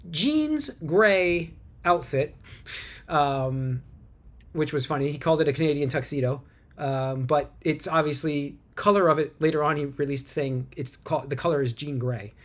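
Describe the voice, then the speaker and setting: A man hosts a laid-back movie news chat with a somewhat high voice. He rambles, stumbles over names and laughs easily as he goes. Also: moderate pace. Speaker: podcast host.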